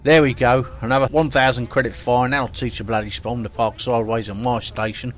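A man puts on a brash, sweary Australian parking warden aboard a space station, blunt and unbothered. His voice sits at an ordinary middle pitch. A faint hum runs underneath. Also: fairly even intonation, fairly quick, lightly acted. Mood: gruff.

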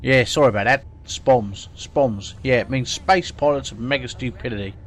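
A man's voice: mid-range voice, normal speed, close to an everyday voice. A man doing a brash Australian parking warden. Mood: gruff. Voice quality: brash, sweary and blunt. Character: foul-mouthed male space station parking warden.

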